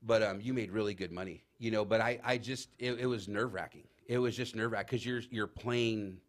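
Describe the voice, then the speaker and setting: A man telling rambling, animated anecdotes in casual chat as a talk show guest, full of fillers. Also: fairly low pitch, brisk. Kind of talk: casual storytelling.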